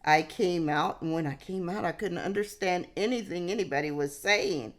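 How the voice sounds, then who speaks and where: A woman vlogger telling a personal story to camera in a halting way, often restarting and dropping in "hey". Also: fairly low pitch.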